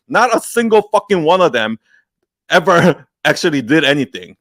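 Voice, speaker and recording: A man with a fairly high voice speaks straight into a close, dry mic. He hosts a live Q&A and lectures bluntly, swearing freely, and he mimics people's excuses in whiny little voices. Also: lively intonation, moderate pace, a bit bright, no echo. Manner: blunt, profane, heated, mocks excuses in put-on whiny quotes. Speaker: host of a live Q&A. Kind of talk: unscripted livestream pep talk.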